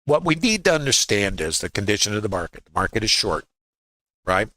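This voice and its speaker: This trading educator's voice runs on the low side, sing-song and a little fast, pushed and bright with no room sound. Speaking with a Brooklyn accent into a laptop mic, he leads a folksy livestream lesson, tossing out rhetorical questions and jokes.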